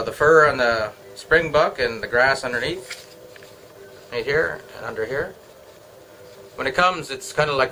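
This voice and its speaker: With a bright, forceful, medium-pitched voice, a middle-aged Canadian vlogger rambles casually from home. The rough recording carries some hiss or hum, and he jokes, meanders between topics, and talks to himself.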